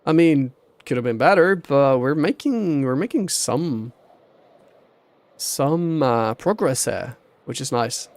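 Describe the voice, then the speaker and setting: A man's voice: mid-range voice, animated, slow pace, a little mellow, no room sound. A man streaming a building game, talking to himself and humming little sound effects as he works. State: hiccuping. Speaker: Minecraft streamer. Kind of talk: casual gameplay commentary.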